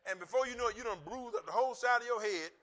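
A man preaching a sermon in a church, calling on the congregation to answer back, joking with them between emphatic points, and bursting into shouts. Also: very high-pitched, rapid-fire. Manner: emphatic call-and-response preaching with joking asides. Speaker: pastor. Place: church sanctuary.

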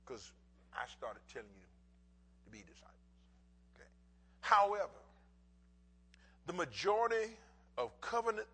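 Middle-aged male preacher, slightly high voice, very animated delivery, folksy repetition. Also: breathy edge, rough recording. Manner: preaching in bursts, swinging from low asides to shouts; folksy, repeats words for emphasis. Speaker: pastor. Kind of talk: sermon.

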